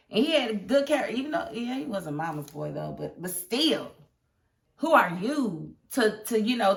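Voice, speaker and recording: Sassy animated woman reviewing TV. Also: medium pitch. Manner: animated, sassy, talks back at characters. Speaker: TV episode reviewer. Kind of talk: casual chat.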